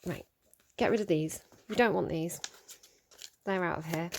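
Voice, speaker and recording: A woman giving a casual spoken tarot reading, chatty and animated, with lots of fillers and mild swearing as she scolds the cards. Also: fairly low pitch, moderate pace, gravelly, a little hiss or hum. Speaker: tarot reader.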